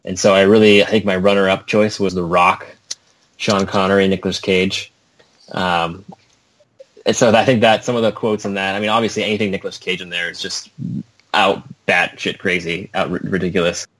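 Young man, very low voice, rambling casual chat, self-mocking. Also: little pitch movement, a little fast, fairly bright tone.

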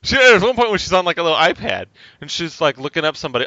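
Animated man, bright and ranting. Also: a little high, very fast, few pauses, no echo, highs cut off. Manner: animated, swearing, ranting with laughs. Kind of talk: casual chat.

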